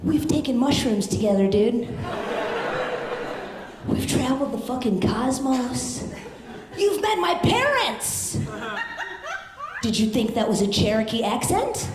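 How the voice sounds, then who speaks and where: A woman's voice: a little high, very animated, slow pace, long pauses, a crowd in the background. A young woman doing a stand-up comedy set, brash and profane with punchy delivery, on a handheld mic at a comedy club stage. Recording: roomy club sound.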